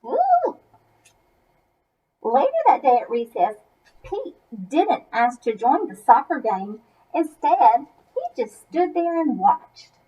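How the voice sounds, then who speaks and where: A high-pitched woman reads a children's story aloud with a lively, swooping voice. She talks at an unhurried pace and stops for chatty asides to her young listeners. The sound is dull and lo-fi. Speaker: masked reader.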